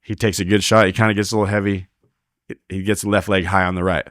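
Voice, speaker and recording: A man's voice: deep voice, fast, no echo, studio quality. A man, a guest on a podcast, telling a story in casual talk, acting out the quoted voices and swearing freely. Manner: animated, acts out quoted dialogue, swears freely. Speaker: podcast guest, team roper.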